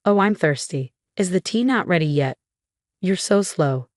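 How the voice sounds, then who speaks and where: A woman's voice: fairly low pitch, lively intonation, unhurried, darkish tone, no echo, clean studio sound. A woman voicing a bossy, snappish mother-in-law who complains and demands, in a storybook reading. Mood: grumbling.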